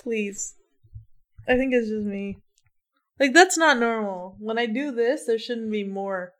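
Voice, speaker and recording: A woman's voice: fairly high pitch, unhurried, fairly bright tone. A young woman co-hosting a casual podcast, playful and teasing, often breaking into laughter. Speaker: podcast co-host. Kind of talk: casual chat.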